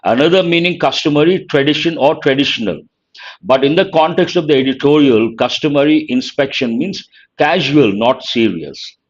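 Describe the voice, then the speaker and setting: A man with an Indian English accent teaching vocabulary, explaining word meanings in a deliberate way and repeating key words. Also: on the high side, muffled recording. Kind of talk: vocabulary lesson.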